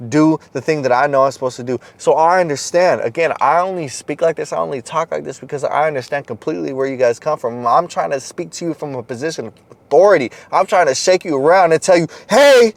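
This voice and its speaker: A man's voice: fast, gravelly. Intense, blunt motivational man. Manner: intense, blunt and profane, urging the listener; swings between loud exhortation and low, quiet stretches. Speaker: motivational content creator. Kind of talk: motivational monologue.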